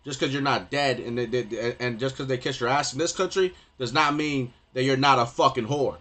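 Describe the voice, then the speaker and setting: A male streamer delivering a rambling, profane rant live, constantly repeating filler phrases and getting loud and heated at times. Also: mid-range voice, fairly quick. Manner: profane, rambling, repeats "you know what I mean".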